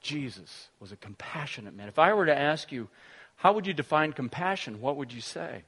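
A middle-aged pastor with a high voice delivers a sermon, weaving a personal story into scripture. He tells it in an animated way, full of fillers and restarts. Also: moderate pace, big-room sound.

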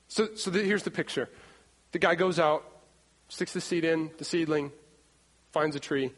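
A man in his thirties preaching a sermon in an animated way, acting out scenes and repeating words as he goes. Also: on the high side, moderate pace, long pauses. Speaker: pastor. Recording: long hall reverb.

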